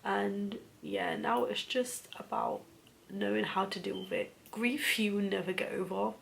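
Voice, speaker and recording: A woman in her thirties telling a personal story of grief in a soft, intimate voice that often drops to a whisper. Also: mid-range voice, fairly even intonation, unhurried, gravelly, slight background noise. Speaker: vlogger.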